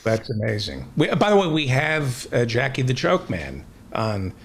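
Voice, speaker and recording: A male talk host speaks in a lively, up-and-down voice, circling through rambling questions and restarts. His pitch sits mid-range. Faint noise sits behind him. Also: normal speed, vocal fry. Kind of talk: casual chat.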